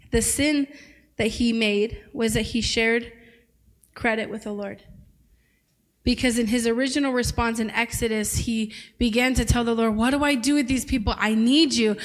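A woman preaching a sermon to a church congregation in a conversational, playful way, reading scripture and joking with the room. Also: a little high. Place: church service.

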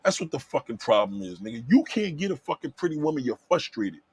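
Heated husky man ranting at chat. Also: mid-range voice, sing-song, fast talker. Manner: loud, heated, swearing, rhetorical questions, repeats himself. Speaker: livestream host reacting to chat comments. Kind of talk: profane livestream rant.

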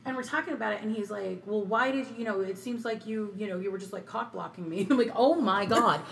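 A woman's voice: mid-range voice, fast, creaky, a bit bright, a little hiss or hum. Frank, profane woman in casual chat. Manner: frank and profane, acts out quoted dialogue.

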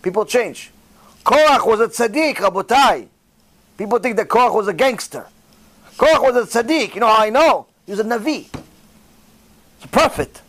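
A rabbi preaches a sermon straight to his listeners, telling stories animatedly and acting out little dialogues in different voices. His voice is high-pitched, his speed normal, and he pauses often.

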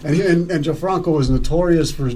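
A man's voice: on the high side, fast, dark tone, a little hiss or hum. A male podcast host chatting with his mother, eager and laughing often as he jumps into her stories. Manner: eager, laughs often, talks over guest. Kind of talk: casual conversation, reflective.

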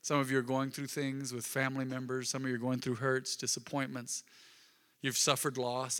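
Reverberant preacher, bright and emphatic. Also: male voice, medium pitch, completely flat delivery, moderate pace. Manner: swings from loud emphatic bursts to soft intimate murmurs. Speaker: pastor. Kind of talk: sermon. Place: church sanctuary. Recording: long reverb of a large hall.

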